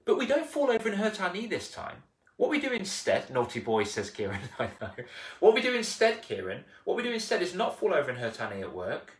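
A man coaching casually on a live stream, animated, acting out little scenes and repeating himself. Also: sits high, brisk. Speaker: confidence coach. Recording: roomy, distant mic.

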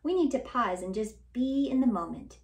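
A woman's voice: on the high side, lively intonation, moderate pace, echoey room. Woman doing a kind little ladybug. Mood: gentle, caring. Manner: soft, caring, encouraging. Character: kind gentle female ladybug helper.

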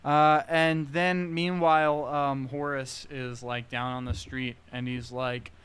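A man's voice: fairly high pitch, flat delivery, slow, fairly bright tone, clear, resonant tone. A man co-hosting a movie podcast, rambling through his points with restarts. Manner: rambling, many fillers and restarts. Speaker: podcast co-host. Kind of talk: casual movie review chat.

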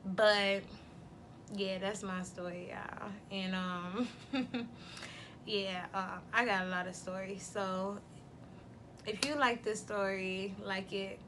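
A woman's voice: medium pitch, little pitch movement, takes it slowly, noisy background. A young woman telling a story in a casual vlog, blunt, profane and candid, often laughing. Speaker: vlogger.

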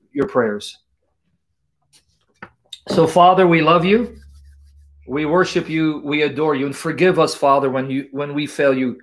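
A man leading a fervent spoken prayer on an online stream, repeating invocations in a steady litany. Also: fairly high pitch. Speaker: Christian apologist host.

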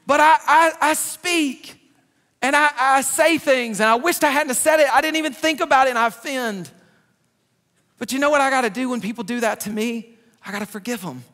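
A man preaching a sermon in a church, animated and joking, with loud outbursts. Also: extremely high pitch, normal speed. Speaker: pastor. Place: large church sanctuary. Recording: reverberant church hall.

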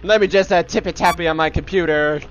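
A man's voice: on the high side, quick pace, dull audio, over music. A man giving casual, self-mocking commentary while playing a horror video game, laughing often. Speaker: let's player.

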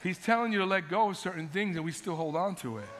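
A man's voice: high voice, fast talker, fairly bright tone, slight background noise. A male pastor preaching a sermon, emphatic, repeating his points and calling for amens. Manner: emphatic, repeats phrases, calls out "amen". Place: church sanctuary. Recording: long hall reverb.

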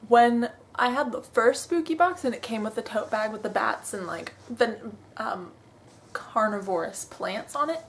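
A young woman vlogging an unboxing, gushing and excitable, with frequent gasps and soft whispers. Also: fairly high pitch, normal speed, a little hiss or hum, poor audio. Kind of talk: unboxing vlog.

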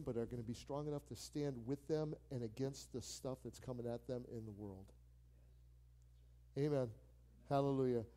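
A man, a pastor, preaching a sermon in a church with animated delivery, repeating key phrases for emphasis and acting out quoted conversations. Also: mid-range voice. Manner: acts out quoted phone calls with playful voices.

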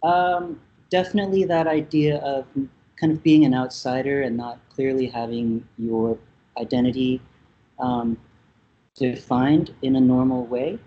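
A man's voice: medium pitch, fairly even intonation, a little slow, breathy edge, lo-fi sound. A man from Vietnam, interviewed as a musician, talking in a thoughtful, hesitant way with many fillers. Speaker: musician guest. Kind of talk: casual interview talk.

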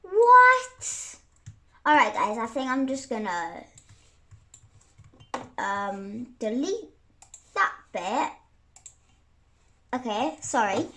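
A young girl talks her way through a game in a high, bouncy voice. She giggles a lot and keeps saying sorry, and her speech is slow and unhurried. Keyboard typing and clicks can be heard behind her. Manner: chatty, giggly, apologetic. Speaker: gaming YouTuber. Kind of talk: casual gameplay commentary.

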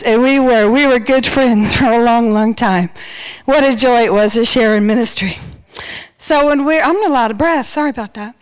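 A woman's voice: a little high, clear, resonant tone, rough recording. A woman giving a humorous, storytelling wedding toast in a church, a little out of breath. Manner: storytelling with playful quoted voices. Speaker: wedding speaker and church singer.

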